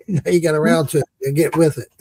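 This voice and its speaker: A man with a slightly high, husky voice tells stories in casual chat. He laughs often, swears freely and acts out what people said. The sound is dry and close to the mic. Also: fairly even intonation, fairly quick, darkish tone, no echo. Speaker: podcast host.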